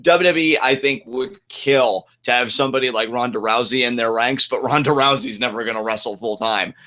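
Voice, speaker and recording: A man co-hosting a casual wrestling review podcast, animated and agreeable, talking in quick bursts of enthusiasm. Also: medium pitch. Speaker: podcast co-host.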